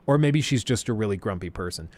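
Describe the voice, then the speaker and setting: A man's voice: fairly low pitch, animated, fast talker, a little mellow. A young man telling a story on a livestream, laughing often and acting out the people he quotes. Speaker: streamer.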